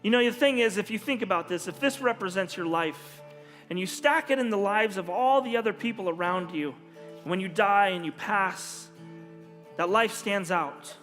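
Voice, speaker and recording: In a church sanctuary, a man preaches a sermon at normal speed in a high, fairly bright voice. He brings his stories to life by acting out the dialogue, and the audio has long hall reverb plus faint music.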